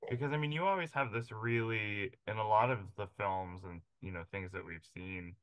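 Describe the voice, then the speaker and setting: A man interviewing an actress, halting and searching for his words with many fillers. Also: on the low side, fairly bright tone, clear, resonant tone, no echo. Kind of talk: casual interview chat.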